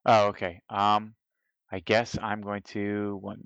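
Male player, low pitch, dry room, deliberate rule-reader. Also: monotone, vocal fry, a bit bright, smooth, no echo, low-quality recording. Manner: deliberate, counts moves aloud and reads rules out. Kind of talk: tabletop game play.

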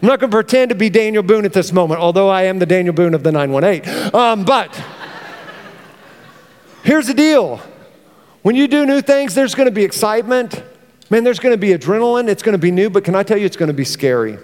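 A middle-aged pastor, preaching a lively sermon and acting out his stories. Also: sits high, brisk. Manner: animated, storytelling with acted-out exclamations. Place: church hall. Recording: reverberant church hall.

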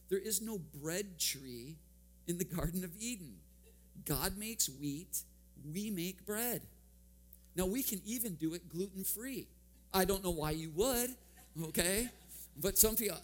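A man gives a sermon in a slightly higher than usual voice. He keeps it conversational and funny at his own expense, and he chuckles often as he tells personal stories. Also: lively intonation, normal speed. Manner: humorous, self-deprecating storytelling with frequent chuckles. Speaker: guest preacher.

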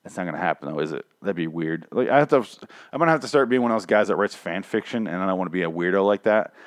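A lower-pitched man talks alone into a podcast mic, rambling and swearing as he jokes through a recap. His voice is strained and a bit shaky from recent overuse. The sound is dry and close, with almost no room around it. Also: animated, racing, no echo. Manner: profane, rambling, jokey. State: strained, recovering voice. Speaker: podcast host. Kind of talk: casual solo show recap.

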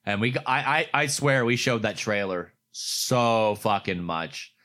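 In a casual chat, a man from Pittsburgh spins a profane, animated convention story, raising his voice to play the other people's parts. His voice is on the low side and a little slow.

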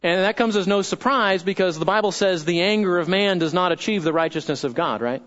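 Male pastor with a high voice, preaching conversationally, on a dull lo-fi recording. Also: brisk, a bit bright. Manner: conversational, asks the congregation questions. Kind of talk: sermon.

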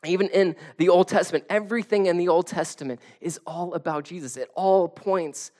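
A man's voice: high-pitched, fairly quick, darkish tone. Casual storytelling male pastor. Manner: casual storytelling, self-deprecating humor. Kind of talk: conversational sermon.

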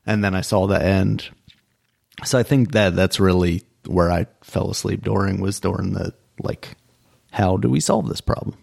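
Low, gravelly man in casual chat. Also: a little mellow. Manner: laid-back, short agreeing replies, then a longer wry take.

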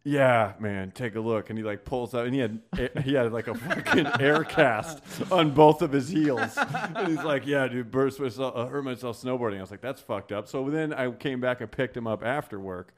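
A man's voice: mid-range voice, normal speed, a crowd in the background. A man in casual podcast chat who explains things and acts out quotes. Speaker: podcast co-host.

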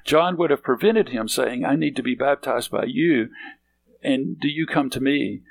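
A man's voice: medium pitch, normal speed, vocal fry, low-quality recording. A man preaching a sermon, reading scripture and then explaining it emphatically, often checking in with his listeners. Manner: emphatic, repeats points, frequent "okay?".

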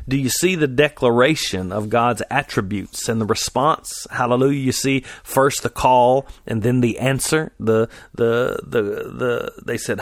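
A man leads a Bible teaching with an easygoing manner, pausing on fillers and restarting phrases as he reads and explains. His voice sits at an ordinary middle pitch. The recording is dry, with no room sound. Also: no room sound. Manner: conversational, frequent fillers and restarts while reading scripture aloud. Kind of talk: sermon-style Bible teaching.

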